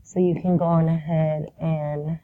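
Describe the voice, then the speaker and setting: A woman's voice: low voice, flat delivery, measured pace, no room sound, phone-quality sound. A woman with a sick voice teaching a math lesson, walking through problems patiently and checking in with "right?" often. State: sick, rough voice. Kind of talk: recorded math lesson walkthrough.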